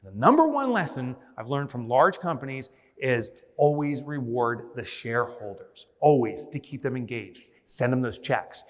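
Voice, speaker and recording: A man giving a motivational business keynote on a conference stage, telling stories with energy and acting out scenes. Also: mid-range voice. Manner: energetic storyteller, mimics and shouts when acting out scenes. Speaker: keynote speaker. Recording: long hall reverb.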